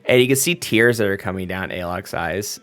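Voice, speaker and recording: A man's voice: deep voice, brisk, fairly bright tone. A man narrating a tabletop game as game master, describing scenes loosely with many fillers.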